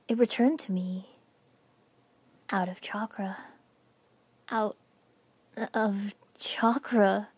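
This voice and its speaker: A woman narrating a first-person story with dramatic expression, dropping to hushed whispers at tense moments. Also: a little high, dry recording. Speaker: audiobook narrator.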